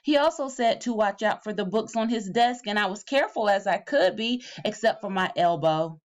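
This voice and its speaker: Teacher lady reading a picture book to kids, animated, sinks low on the refrain lines. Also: normal speed. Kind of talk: expressive picture-book read-aloud.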